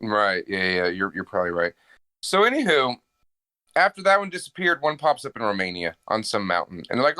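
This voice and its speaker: A man co-hosting a comedy podcast, chatting casually in a playful, animated way from home. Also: on the low side, fairly quick, smooth, no echo. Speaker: podcast co-host. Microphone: home microphone on a call.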